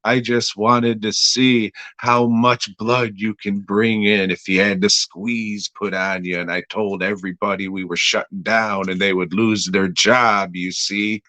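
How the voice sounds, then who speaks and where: A man's voice: lowish voice, flat delivery, a little slow, few pauses, pushed and bright, no echo. A man voicing a smug, crooked middle-aged boss who gloats. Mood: gloating. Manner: gloating and sneering.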